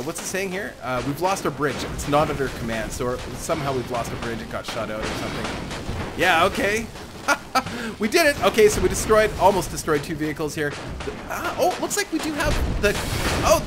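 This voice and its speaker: A man giving casual gameplay commentary as a let's play host, excitable and thinking aloud, chuckling often. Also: fairly high pitch. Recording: game music playing under the voice.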